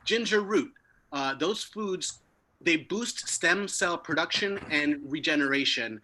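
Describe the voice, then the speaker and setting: Bright-voiced young man doing stand-up. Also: a little high, slow pace. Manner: deadpan jokes with sudden bursts of loud emphasis. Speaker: stand-up comedian. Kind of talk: stand-up set over a video stream.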